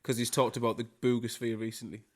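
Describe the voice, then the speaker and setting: A man's voice: medium pitch, little pitch movement, fast talker, darkish tone. A man, co-hosting a podcast with teasing, sweary banter. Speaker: podcast co-host. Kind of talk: casual chat.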